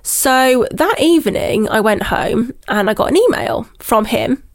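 A woman with a fairly high voice tells a personal story in a candid, chatty way. She is animated, slips into mimicked voices of other people and often laughs mid-sentence. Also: unhurried, creaky. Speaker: podcast guest. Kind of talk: candid storytelling in casual chat.

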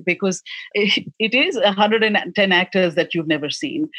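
A woman's voice: lowish voice, no room sound, low-quality recording. A woman, answering interview questions as a film director in a passionate, emphatic way with frequent restarts. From India.

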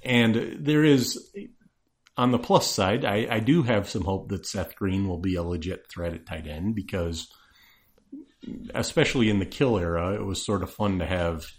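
A man chatting casually as a guest on a podcast, breaking down football in a thoughtful, halting way with dry jokes. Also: low-pitched. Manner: analytical, hesitant restarts, dry jokes. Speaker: sports-knowledgeable guest.

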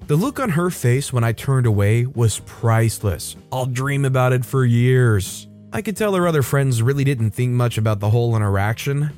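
A man's voice: medium pitch, darkish tone. A man hosting a storytelling show, reading a story aloud and raising his voice to act out the quoted lines. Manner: reads quoted lines in a raised, acted-out voice. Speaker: host reading online stories. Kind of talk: scripted storytelling narration.

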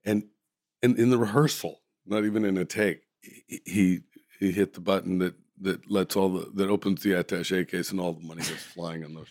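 Deep, gravelly man telling stories. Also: fairly even intonation, moderate pace, a little mellow, dry recording, clean studio sound. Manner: rambling, self-correcting, amused. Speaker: actor guest. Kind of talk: casual anecdotal storytelling.

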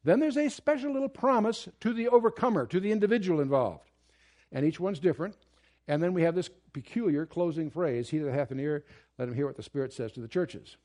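Male Bible teacher, fairly high voice, emphatic lecturing delivery with frequent restarts. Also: fairly quick, a little mellow. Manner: earnest, emphatic, with restarts and asides. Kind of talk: verse-by-verse Bible study lecture.

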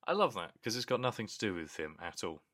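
A man's voice: lowish voice, big pitch swings, fast talker, a bit bright. A man co-hosting a fan podcast, chipping in with joking, teasing asides. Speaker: podcast co-host. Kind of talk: casual chat.

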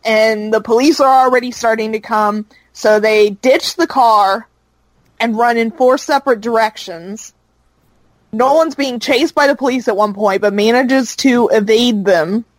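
A woman's voice: a little high, measured pace, dry recording, low-quality recording. A woman casually recapping a show's plot, rambling with fillers as she goes. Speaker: podcast co-host recapping a show. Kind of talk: casual chat.

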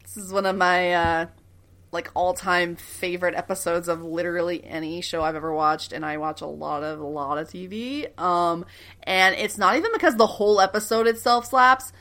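A woman co-hosting a casual podcast, excitable and quick to laugh, swearing casually as she chats. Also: on the low side. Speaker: podcast co-host.

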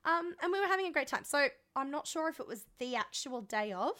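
A woman's voice: high voice, animated, fairly quick, pushed and bright. A young woman co-hosting a podcast in casual chat, laughing often and swearing freely. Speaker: podcast co-host.

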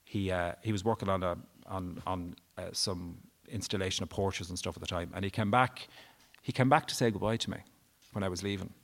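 A man's voice: low voice, steady tone, a little fast, few pauses. A man, a guest at a live event, candidly and emotionally telling a personal story and swearing freely. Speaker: interview guest. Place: live event before an audience.

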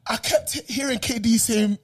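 This young man with a London accent talks in a husky, breathy voice that sits very high for a man. He banters in a loose, teasing way and laughs often. He sounds like a podcast guest trading jokes with friends. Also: moderate pace. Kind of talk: casual chat.

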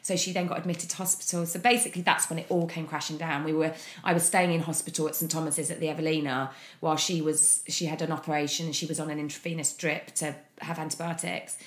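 A woman speaking as an interview guest, frank and open in a candid personal account, often pausing on fillers. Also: low-pitched, fairly even intonation. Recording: echoey room.

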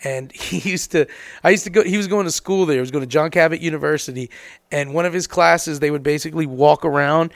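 A man jokes through a loose, crude podcast chat with a wry edge. His voice sits a little high for a man and carries a strong gravelly fry. The sound is close and dry. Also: brisk, no room sound. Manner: joking, wry, laughs often.

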